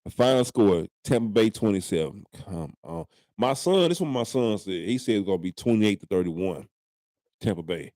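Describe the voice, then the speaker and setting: Young male streamer, lively swinging pitch, dry close sound, playful trash talk. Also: moderate pace, no echo. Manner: animated trash talk, drawling repeats. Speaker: live-stream host, sports fan. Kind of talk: casual live-stream banter.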